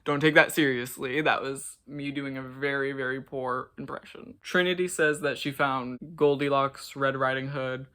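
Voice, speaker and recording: Bright chatty man reacting to a show. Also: mid-range voice, steady tone, moderate pace, few pauses, clean tone. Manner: chatty, gushing, swears a lot, many "like"s. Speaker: reaction vlogger. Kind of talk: casual reaction commentary.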